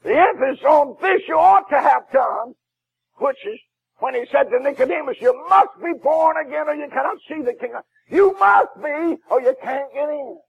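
A man preaching a fiery sermon as a Baptist preacher, shouting with a crying preaching cadence. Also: extremely high pitch, moderate pace, gravelly, dull audio.

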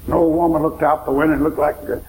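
A male preacher telling a sermon story in a rhythmic, repeating way that builds to shouts. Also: fairly high pitch, flat delivery, fast, gravelly. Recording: echoey hall reverb.

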